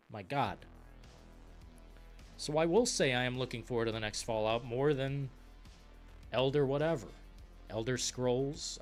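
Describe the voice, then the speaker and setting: A young man with a mid-range voice hosts a gaming live stream, chatting casually and reading out viewer comments. He's excitable, profane and rambling.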